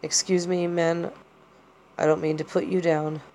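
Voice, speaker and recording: A woman's voice: lowish voice, level tone, measured pace, dark tone, slight background noise. A woman hosting a podcast, talking through personal experiences in a rambling, hesitant way with many fillers and restarts. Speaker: podcast host. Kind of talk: personal monologue.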